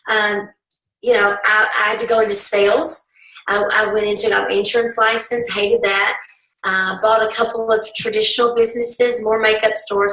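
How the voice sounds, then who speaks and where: A middle-aged woman, a bit hoarse, telling her story to a sales team in a rambling, folksy way full of ums. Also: medium pitch, a bit bright. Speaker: guest speaker on a team call. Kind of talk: personal testimony to a sales team. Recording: roomy, distant conference-call audio.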